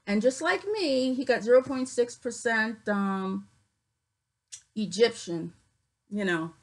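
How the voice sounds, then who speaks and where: Woman reading results with halting fillers. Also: a little high, poor audio. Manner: reads figures aloud haltingly with many fillers. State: voice cuts in and out. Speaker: vlogger. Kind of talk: casual screen-reading commentary.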